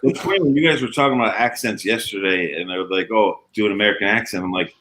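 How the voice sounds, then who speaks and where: A man talks in a loose, rambling group chat. His voice sits a little low, and his eager ideas come out with many fillers. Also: fast talker, a bit bright, rough recording. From New York area.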